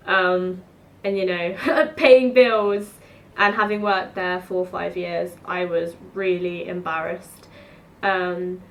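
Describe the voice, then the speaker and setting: A woman in her twenties from England, chatting casually to camera and acting out both sides of conversations in quick bursts. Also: medium pitch, slight background noise. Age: 20s. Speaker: vlogger. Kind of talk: casual storytelling vlog. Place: her home.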